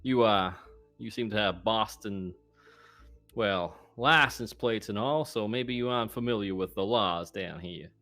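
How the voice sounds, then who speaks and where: A man playing a stubborn small-town cop who drawls and talks folksy, pitched low. Soft music plays behind him. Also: measured pace. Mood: stern. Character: suspicious small-town southern male police officer.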